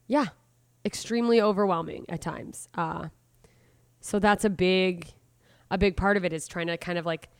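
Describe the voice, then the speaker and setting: A woman's voice: fairly low pitch, smooth, dry recording, clean studio sound. A woman hosting a solo podcast, talking casually and rambling, correcting herself as she goes and acting out inner voices. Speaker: podcast host.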